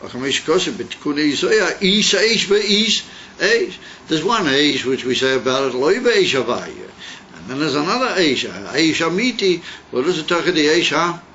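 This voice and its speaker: A male rabbi teaching a Hasidic text and telling a story, in halting English full of fillers and Hebrew and Yiddish terms. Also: fairly high pitch, big pitch swings, sharp tone. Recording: dull lo-fi recording with faint hiss.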